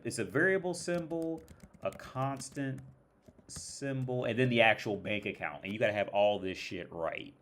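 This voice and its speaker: A young American man tells a rambling, profane story in a casual rant, full of restarts and exasperation. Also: mid-range voice. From United States. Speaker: streamer.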